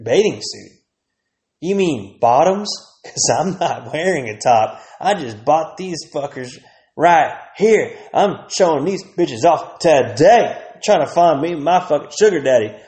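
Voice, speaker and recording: A man's voice: on the high side, expressive, unhurried, a little mellow, roomy sound. A man voicing a brash young woman at a lake party, drawling and showing off. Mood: boastful.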